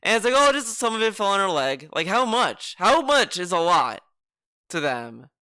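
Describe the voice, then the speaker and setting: A man's voice: high-pitched, sing-song, moderate pace, bright, forceful tone, clear, resonant tone, no echo, studio quality. A man giving mocking reaction commentary on a clip, swearing and breaking into exaggerated impressions. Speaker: commentary streamer.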